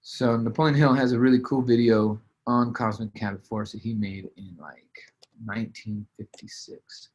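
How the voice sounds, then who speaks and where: A man's voice: fairly low pitch, steady tone, normal speed, darkish tone. A man giving a casual motivational training talk about business habits, with loose fillers and restarts. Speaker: business coach. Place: at a desk, writing as he talks.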